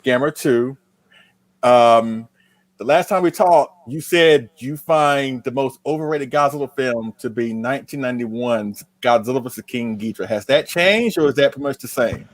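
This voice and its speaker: A man's voice: mid-range voice, normal speed, dry recording. A man hosting a live-stream interview, asking questions in a playful, teasing way. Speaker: show host, interviewer.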